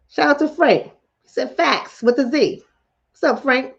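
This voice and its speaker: A woman hosts a mental health show as a casual livestream chat, addressing her viewers directly. She talks bluntly and swears freely, with a fairly high voice. The audio is dull and lo-fi. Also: big pitch swings, measured pace, pauses often.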